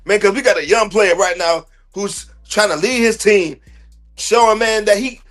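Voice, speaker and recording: A man's voice: sits high, normal speed, fairly bright tone, faint music behind. A man hosting a sports podcast livestream, ranting bluntly and profanely in heavy slang. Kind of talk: heated livestream sports rant.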